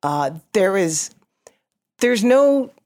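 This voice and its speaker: A woman comedian, a podcast guest, chatting casually in an animated, jokey way. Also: medium pitch, extremely slow. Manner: animated, jokey, lively storytelling.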